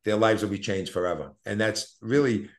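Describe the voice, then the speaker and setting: A man's voice: on the low side, normal speed. A man in his fifties with a Boston accent, a guest telling his story in a casual interview in an earnest, motivational way, often restarting his sentences. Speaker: network marketing guest.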